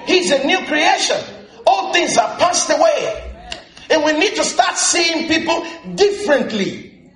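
A man preaching a sermon as pastor, asking the congregation if they are listening and breaking into shouted emphasis, recorded in a church. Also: very high voice, measured pace, faint music behind. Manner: lively preaching with frequent call-and-response questions to the congregation; frequent bursts of shouted emphasis. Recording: roomy echo of a church hall.

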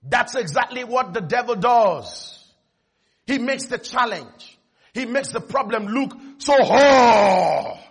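A male pastor preaching a lively sermon, often shouting and breaking into laughter. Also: very high voice, measured pace, husky. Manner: animated, shouting, laughing at his own points.

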